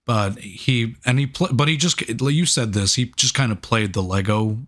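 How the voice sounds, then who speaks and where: A man's voice: mid-range voice, moderate pace, fairly bright tone. A blunt, laid-back young man reviewing films. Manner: laid-back, swears a lot, blunt opinions. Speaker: podcast co-host, movie reviewer. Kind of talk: casual chat.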